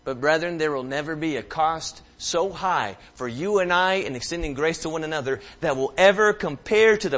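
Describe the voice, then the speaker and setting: A man preaching a sermon, swinging from loud impassioned climbs to hushed, soft passages. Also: a little high, normal speed, hardly any pauses.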